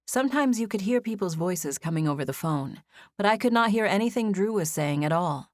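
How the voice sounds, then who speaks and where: A woman reading a first-person novel as an audiobook narrator, in an even, measured storytelling style, on a close studio mic. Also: mid-range voice, dry recording.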